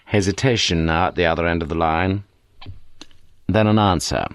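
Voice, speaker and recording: A man's voice: sits low, moderate pace, dry recording. Man narrating an audiobook, dry close sound. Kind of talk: scripted narration.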